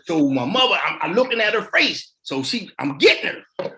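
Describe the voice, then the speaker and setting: This podcast guest, a middle-aged man, has a high-pitched voice and talks at normal speed. He tells his life story in easygoing colloquial language, imitating the people who appear in it.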